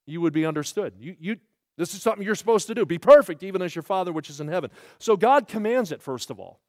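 A male preacher delivering a sermon in a folksy, animated way, his emphasis climbing as he makes each point. His voice sits a little high for a man and sounds dry and close, with little room around it. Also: quick pace, dry recording.

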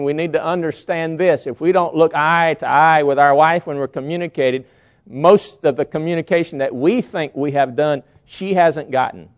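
Man preaching a sermon, emphatic, slightly high voice, dull lo-fi sound. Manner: emphatic, illustrating with acted quotes.

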